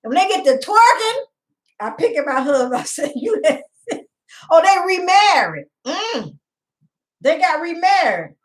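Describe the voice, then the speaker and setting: Chatty high-voiced woman live-streaming. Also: big pitch swings, unhurried, long pauses, low-quality recording. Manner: rambling, chatty, greets viewers by name, laughs often. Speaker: livestream host. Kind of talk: casual live-stream chat with viewers. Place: home.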